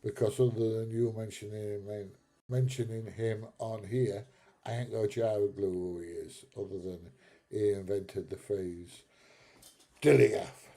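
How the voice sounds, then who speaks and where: British guy on a morning stream, laughs a lot, says mate, deep mellow tone. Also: level tone, normal speed. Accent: British English. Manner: laughs often, self-mocking, calls people mate. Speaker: live stream host. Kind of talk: casual chat reading viewer comments.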